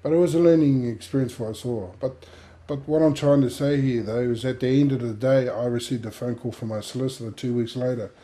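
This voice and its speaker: A man's voice: mid-range voice, steady tone, brisk, hardly any pauses, dark tone. A man telling an emotional personal story in a workplace safety talk. He rambles and uses many fillers as he speaks. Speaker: injured worker sharing his story.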